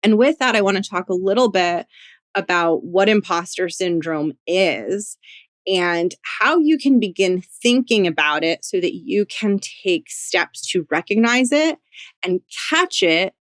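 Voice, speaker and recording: Gentle, encouraging woman podcast host. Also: mid-range voice, lively intonation, measured pace, no room sound, clean studio sound. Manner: gentle, encouraging, often says "like" and "you know". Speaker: podcast host and career coach for women. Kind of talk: solo podcast monologue.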